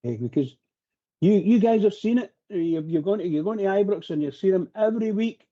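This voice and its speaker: A man's voice: high-pitched, lively intonation, brisk, warm tone, lo-fi sound. A man talking passionately on a live radio phone-in, rambling and repeating himself as he gets worked up. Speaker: phone-in pundit.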